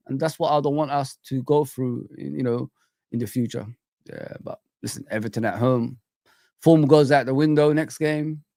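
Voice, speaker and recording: A man talking football on a live stream in an easygoing, slang-heavy way. His pitch sits in the middle. The sound is dry and close. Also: creaky, dry recording. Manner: chatty and laid-back, slangy, shouting out viewers. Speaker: football channel host. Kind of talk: casual live-stream commentary.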